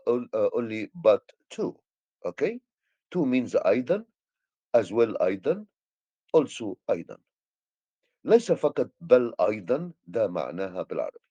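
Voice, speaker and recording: A male English teacher, a native Arabic speaker with an Egyptian accent, explains grammar hesitantly, with many fillers and restarts. His voice is lowish and warm, and the recording is dry and muffled.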